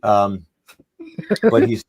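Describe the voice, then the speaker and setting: A man's voice: fairly low pitch, flat delivery, extremely slow, darkish tone. A middle-aged man telling a long, rambling story on a podcast and acting out the dialogue as he goes. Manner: rambling, anecdotal, acts out quoted dialogue. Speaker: podcast panelist. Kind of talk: casual storytelling.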